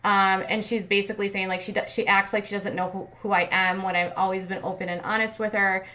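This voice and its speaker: A woman's voice: medium pitch, flat delivery, fairly quick, sharp tone. A woman hosting a commentary channel, recapping a reality show in a chatty, filler-heavy way with sarcastic asides.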